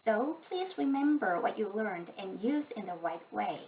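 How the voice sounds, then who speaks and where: A woman giving a scripted grammar lesson, explaining each point slowly and carefully. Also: medium pitch, animated, darkish tone, distant mic, low-quality recording. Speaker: language teacher.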